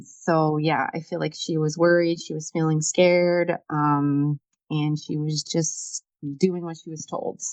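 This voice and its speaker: Low-voiced woman reading tarot cards. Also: level tone, slow, few pauses, a little mellow, no echo, rough recording. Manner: musing, many fillers. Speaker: tarot reader co-host. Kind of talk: casual tarot reading chat.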